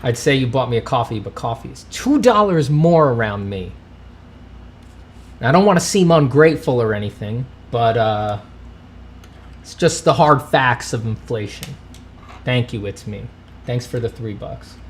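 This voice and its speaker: A man's voice: medium pitch, lively intonation, moderate pace. A man hosting a casual livestream, answering viewer questions and thanking donors with dry, self-mocking humor. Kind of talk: casual livestream chat, reading donations.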